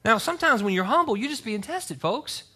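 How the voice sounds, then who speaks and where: Male pastor preaching a church sermon; bright, high, very lively voice with scripture readings and asides. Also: a little fast, husky. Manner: animated preaching, reads scripture aloud with asides. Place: church service.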